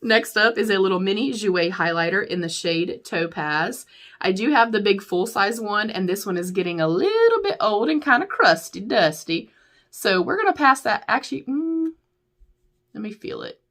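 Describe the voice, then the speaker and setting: A woman's voice: medium pitch, animated, normal speed, a bit bright. A young woman chatting candidly through a makeup declutter, calling her viewers y'all and laughing often. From United States. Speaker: beauty YouTuber. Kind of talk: casual chatty product review.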